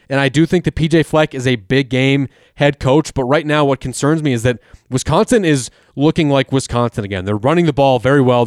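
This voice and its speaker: A man's voice: medium pitch, a little mellow, clear, resonant tone, no echo, studio quality. A man hosting a casual sports betting chat, making joking, chatty football picks and thinking aloud as he goes. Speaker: podcast host making college football picks.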